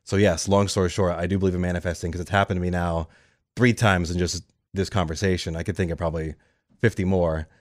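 A man's voice: low voice, fast talker, no echo, clean studio sound. A man in his thirties, a radio show regular, telling his career story in a casual interview and acting out the people he quotes. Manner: animated, quotes people in lively voices. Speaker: radio show cast member. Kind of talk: conversational storytelling.

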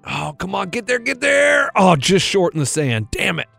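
A man's voice: high voice, big pitch swings, normal speed, creaky, pushed and bright, no echo, faint music behind. A man co-hosting a radio show, telling a story in casual chat and acting out the other people in it. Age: middle-aged.

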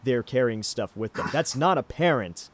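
A man's voice: mid-range voice, animated, normal speed, a little hiss or hum. Rambling man on a podcast. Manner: rambling, many ums and restarts. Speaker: podcast host. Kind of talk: casual anime discussion.

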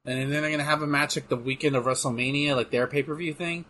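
A man co-hosting a casual chat while watching wrestling, excitable, swearing and trailing off into fillers. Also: fairly high pitch, fast talker. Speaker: podcast co-host.

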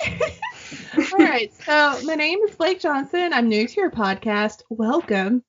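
A woman co-hosting a podcast, reading listener stories aloud in casual, animated chat and swearing freely. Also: high voice, takes it slowly. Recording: dull lo-fi sound.

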